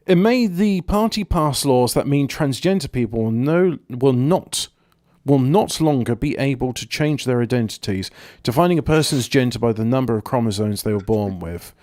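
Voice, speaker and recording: A man's voice: mid-range voice, expressive, normal speed, a little mellow, no echo, studio quality. A man hosting a casual comedy podcast, reading news stories aloud with sarcastic asides and swearing.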